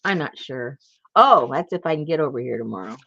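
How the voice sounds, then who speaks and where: A woman's voice: very deep voice, expressive, fairly quick, creaky, fairly bright tone, dull audio, a little hiss or hum. A woman hosting a casual crafting chat, rambling and laughing easily as she works. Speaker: crafting channel host.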